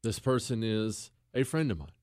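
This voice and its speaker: A man's voice: fairly low pitch, lively intonation, normal speed, a little mellow, dry recording, clean studio sound. A man hosting a talk show, telling a story in an opinionated monologue full of rhetorical questions. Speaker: political podcast host.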